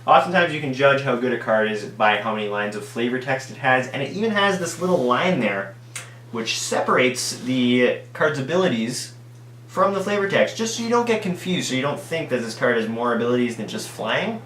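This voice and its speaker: A card game reviewer reads trading card text aloud, heaping mock-enthusiastic, ironic praise on every single card. His animated, middle-pitched voice moves at normal speed and sounds a bit bright, recorded from a distance in an echoey room with a faint hum underneath.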